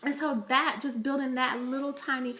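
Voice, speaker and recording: A woman's voice: high-pitched, steady tone, moderate pace, sharp tone. A woman vlogging about parenting, telling chatty stories to camera with laughter and fillers. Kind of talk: casual vlog talk to camera.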